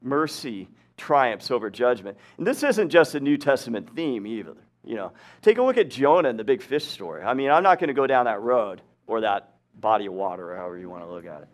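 Man preaching a casual sermon. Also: mid-range voice. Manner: conversational, laughs often, checks in with "right?" and "okay?". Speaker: preacher and teacher. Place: hot upstairs room, live audience.

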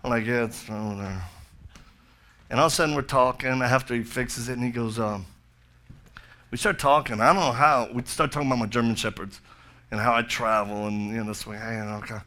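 A man's voice: mid-range voice, steady tone, fast, pushed and bright. A middle-aged male pastor preaching a sermon, telling a story with jokey asides and then building to fervent appeals.

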